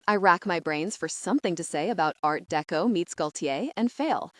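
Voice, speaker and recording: A woman narrating a first-person audiobook in a wide-eyed, expressive way. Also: on the low side, normal speed, hardly any pauses, no echo, clean studio sound.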